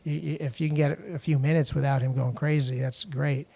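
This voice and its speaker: A middle-aged man from the United States, a podcast guest telling a personal story in a halting way, with frequent restarts and fillers. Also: on the high side, steady tone, creaky, warm tone. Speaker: podcast guest, international lawyer.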